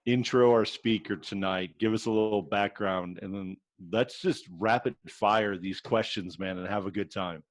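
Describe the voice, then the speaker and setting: Excitable deep-voiced middle-aged man. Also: normal speed, few pauses, no echo. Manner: excited, slangy. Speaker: podcast co-host. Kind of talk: casual chat.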